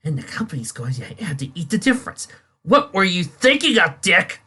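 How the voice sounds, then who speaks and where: A comic reader voicing a smug young company rival who lectures a coworker over bad numbers. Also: male voice, high voice, very animated, brisk, bright, forceful tone, breathy edge, pitched above the performer's own voice, heavily acted. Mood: scolding. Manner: scolding, condescending.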